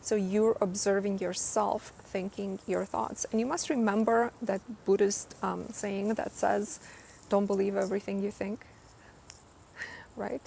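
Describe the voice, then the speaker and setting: A woman's voice: medium pitch, gravelly, darkish tone, a little hiss or hum. A woman coaching on manifestation in a live-stream Q&A, reading viewer comments and answering earnestly, often checking in with "right?". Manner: earnest, emphatic, repeats points with "right?".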